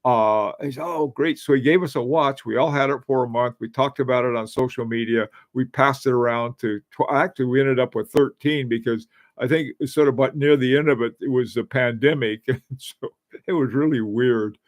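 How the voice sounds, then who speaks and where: An older man hosts a casual livestream, answering viewers in a loose, rambling way and laughing often. His pitch sits in the middle range. The sound is dry and close, with no room echo. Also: fairly even intonation, a little fast. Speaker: livestream host. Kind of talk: casual livestream chat reading viewer comments.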